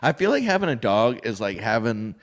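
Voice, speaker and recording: A man co-hosting a comedy podcast, telling animated bits and jumping into play voices. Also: mid-range voice, a little fast. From San Antonio, Texas. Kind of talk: casual comedic chat.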